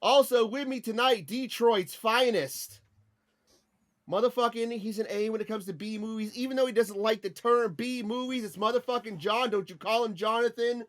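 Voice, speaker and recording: A man's voice: high voice, fairly even intonation, a little fast, few pauses, fairly bright tone. A man hosting a casual podcast, introducing guests like a boisterous hype man and swearing freely. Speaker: podcast host.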